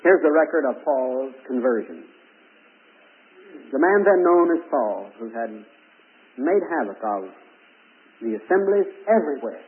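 A man's voice: medium pitch, lively intonation, a little slow, pauses often. A man preaching a sermon with emphatic rises on key words. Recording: tinny phone-like old recording.

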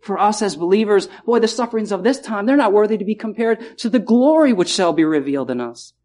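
A man preaching a sermon in a chapel, repeating key phrases and slowing down to stress words. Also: high voice, lively intonation, darkish tone.

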